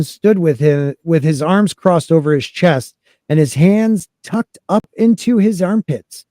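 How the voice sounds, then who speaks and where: A man's voice: on the high side, a little mellow, no echo. A man hosting a podcast, reading a fantasy book aloud and joking with his co-hosts. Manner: reads narration then jokes with panel. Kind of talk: casual reading and discussion.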